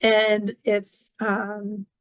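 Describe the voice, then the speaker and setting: A woman's voice: mid-range voice, monotone, very slow, no echo. A middle-aged woman hosting an astrology channel, talking in an effusive, rambling spiritual monologue that is full of repeated phrases and "like" fillers.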